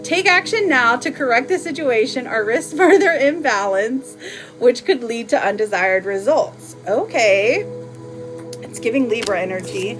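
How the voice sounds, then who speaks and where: Woman host of a live card reading, bright high voice, relaxed pace, chatty and teasing, music clearly audible underneath. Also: unhurried. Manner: chatty and playful, laughing often. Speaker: live tarot reader.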